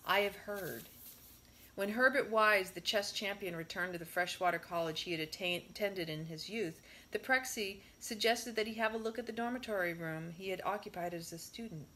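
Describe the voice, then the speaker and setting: A woman reading a spiritual discourse aloud in a measured way, stressing her rhetorical questions. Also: mid-range voice, pushed and bright, slight background noise.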